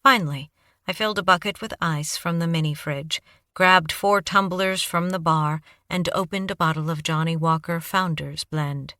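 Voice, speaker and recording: A woman narrating an audiobook in steady first-person storytelling. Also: fairly low pitch, moderate pace, dry recording, studio quality.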